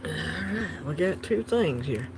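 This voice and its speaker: A man's voice: a little high, expressive, takes it slowly, background noise. Laid-back man unboxing. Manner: laid-back, chatty, laughs easily. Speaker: coin collecting channel host. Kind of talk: casual unboxing livestream.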